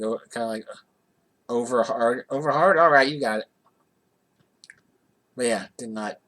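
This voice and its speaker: A man's voice: mid-range voice, a bit bright. A man from the Johnstown area telling a casual personal anecdote in a rambling way, with many restarts. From Johnstown area, USA. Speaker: vlogger.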